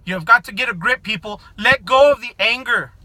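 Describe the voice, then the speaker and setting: A middle-aged man from the United States rants furiously to his viewers, swearing and often breaking into shouts. His voice sits unusually high and sounds sharp and bright. The recording is dry, with no room echo. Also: fairly quick. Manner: profane, shouting, confrontational. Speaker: vlogger. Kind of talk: angry political rant to camera.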